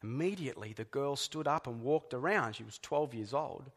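A man preaching a sermon in a deliberate, emphatic way, dropping to soft, hushed words at times. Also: medium pitch, animated, in a large hall. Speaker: pastor.

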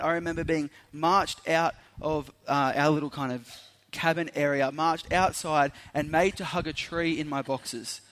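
Brief: young Aussie preacher, animated storyteller, fairly high voice. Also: male voice. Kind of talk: sermon with a storytelling opening.

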